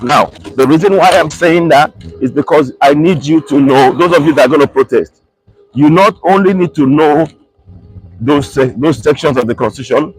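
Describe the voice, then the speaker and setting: A man hosting a live broadcast, earnest and repeating key points slowly for emphasis. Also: a little high, poor audio. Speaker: livestream host.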